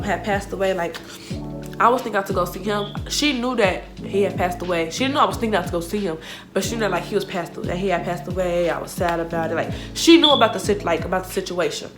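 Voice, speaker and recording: A young woman telling a casual storytime vlog, slangy and animated, acting out what others said. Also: mid-range voice. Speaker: vlogger. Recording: music playing behind the voice.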